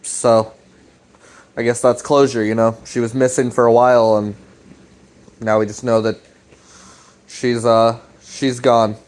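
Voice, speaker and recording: A man's voice: mid-range voice, flat delivery, a little slow, pauses often, darkish tone. A man casually rambling through a recap of a web series, with lots of fillers, restarts and swearing.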